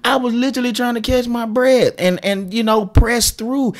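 A man, a pastor, telling lively stories in casual conversation and laughing often. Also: very high voice, normal speed. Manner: animated storytelling, laughs often.

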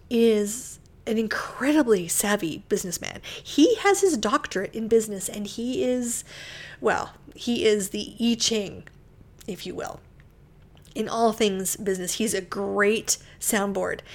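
Middle-aged female podcast host, candid storyteller, slightly higher voice, expressive with whispered asides. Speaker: podcast host and bookshop owner. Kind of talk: personal storytelling monologue.

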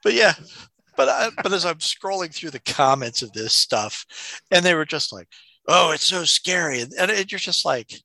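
Laughing, lively-voiced man from Mississippi. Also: a little high, normal speed, gravelly, no room sound. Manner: rambling storyteller, laughs often. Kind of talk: casual chat.

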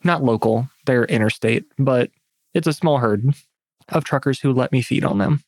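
A man playing a character in a tabletop game, lively and self-mocking, often laughing. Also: mid-range voice, moderate pace, dry recording. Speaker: player.

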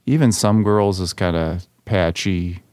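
A young man hosting a casual chat, telling stories in an animated, rambling way with many fillers. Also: low-pitched, a little slow, clear, resonant tone, dry recording, studio quality.

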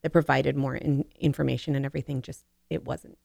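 Gravelly woman musing on books. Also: a bass voice, level tone, fast talker, darkish tone, dry recording, clean studio sound. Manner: thoughtful, laughs often. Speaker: book podcast co-host. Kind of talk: casual book discussion.

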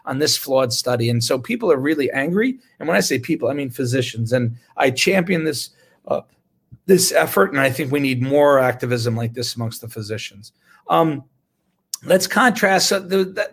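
Sarcastic, husky-voiced man. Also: on the high side, fairly bright tone. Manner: sarcastic, indignant, with laughs. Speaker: physician speaking on medical research. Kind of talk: impassioned talk.

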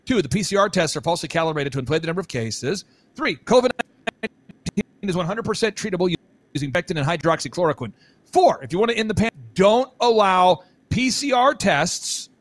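High-voiced, rambling man guest. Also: animated, brisk, no room sound. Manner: rambling, joking, emphatic, with many restarts. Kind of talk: excited podcast interview talk.

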